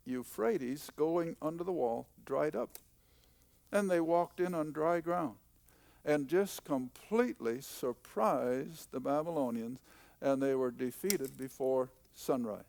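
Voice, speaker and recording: An older man teaches scripture in a folksy, emphatic manner, repeating what matters. His voice is gravelly and his pace unhurried. The sound is dry and close. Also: fairly high pitch, animated, darkish tone, no room sound. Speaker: Bible teacher. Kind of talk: conversational Bible teaching.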